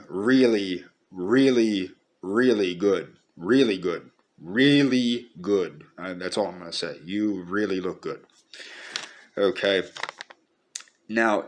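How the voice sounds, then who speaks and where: A man speaking a personal video message to the camera, earnest and pleading, halting and repeating himself as he holds back tears. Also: fairly low pitch. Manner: halting and repetitive, restarting sentences. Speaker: vlogger.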